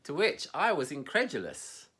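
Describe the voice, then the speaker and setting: A man's voice: a little high, wildly swooping pitch, moderate pace, a bit bright, slightly rough. A man co-hosting a casual conversation, rambling and self-mocking, laughing often at himself. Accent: Scottish. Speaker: podcast co-host.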